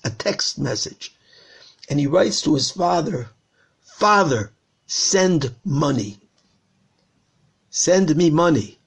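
A man's voice: a little high, creaky, breathy edge. An older man, a rabbi, giving an earnest recorded talk on prayer, repeating phrases as he pleads. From Israel.

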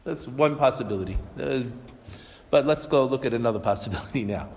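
A man's voice: medium pitch, brisk. Man teaching in an echoey hall. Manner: animated storytelling with rhetorical questions. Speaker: religious teacher. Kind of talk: Torah class lecture.

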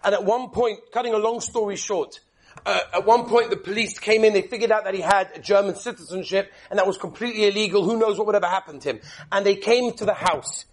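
High-voiced man giving an animated sermon. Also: fast. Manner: animated, emphatic storyteller. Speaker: rabbi. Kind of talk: sermon with storytelling.

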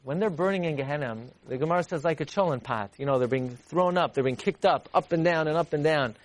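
Animated high-voiced man teaching Torah. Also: fast talker. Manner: animated, repeats for emphasis, rises high to act out voices. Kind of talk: Torah class lecture.

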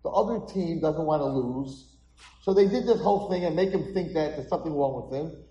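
A man's voice: fairly high pitch, brisk, mellow, lo-fi sound. A man, a rabbi, dramatically telling a story in a sermon at an event hall. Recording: echoey hall.

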